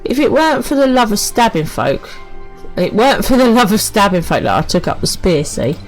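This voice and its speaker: A blunt common soldier who fights for pay, speaking in a rough dialect, as a woman voices him while playing a game. The voice comes out louder and higher than ordinary talk. Faint music runs in the background. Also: big pitch swings, a little fast, rough recording. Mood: gruff, gossipy. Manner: rough dialect, dropped grammar, emphatic. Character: gruff low-born male soldier, mercenary, blunt.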